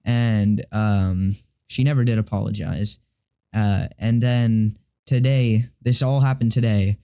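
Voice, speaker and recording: A teenage boy telling a personal story to camera, rambling and halting, with many restarts, fillers and casual swearing. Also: fairly low pitch, steady tone, creaky, mellow, clear, resonant tone. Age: teens. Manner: confused and frustrated, swears casually. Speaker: vlogger.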